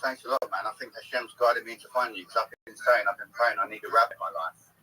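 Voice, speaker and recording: A man's voice: fairly low pitch, fast talker, bright, forceful tone, slightly rough, far from the mic, rough recording. A man from England, speaking with an English accent, calls in and talks in a friendly, grateful, slightly hesitant way. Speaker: caller.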